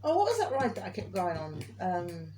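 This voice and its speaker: A woman's voice: lowish voice, huge pitch swings, moderate pace, dark tone, slight background noise. A woman vlogger in casual chat, talking and laughing often. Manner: chatty, laughs often, quotes others in raised voice.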